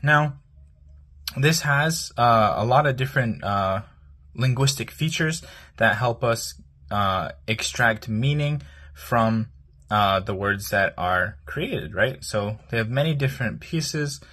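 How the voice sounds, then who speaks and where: A man teaching language, explaining a word piece by piece in a hesitant, explanatory way with many pauses and fillers. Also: medium pitch, lively intonation, pushed and bright.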